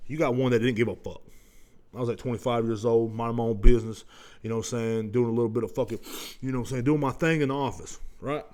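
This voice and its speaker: A man, telling a profane story on his podcast and swinging between loud outbursts and low muttering. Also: fast talker. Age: 30s. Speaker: podcast host. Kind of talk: casual storytelling monologue.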